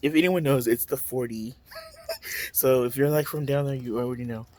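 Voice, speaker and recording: A man's voice: mid-range voice, normal speed, a little mellow. A man vlogging at home, telling a bus story and then unboxing skincare, chatty with dramatic exclamations and lots of fillers. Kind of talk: casual storytime and product unboxing.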